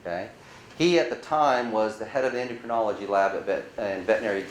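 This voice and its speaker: Animated man presenting in a roomy hall. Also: lowish voice, fast, a little hiss or hum. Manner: animated storyteller acting out dialogue; asks the audience rhetorical questions. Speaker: conference speaker. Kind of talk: conference presentation to a live audience. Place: conference room.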